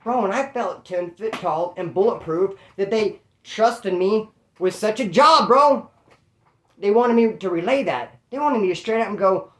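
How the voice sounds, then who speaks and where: This storyteller, a man with a high-sitting voice, recounts prison life at a measured pace in a roomy-sounding space. He talks casually in slangy street language, animated throughout, and acts out the voices of the people he quotes.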